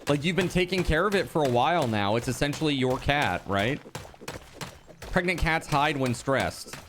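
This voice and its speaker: At a normal speed, a man whose voice runs on the high side chats casually on a home live stream against a noisy background. He reacts to viewers with animated incredulity and swears casually.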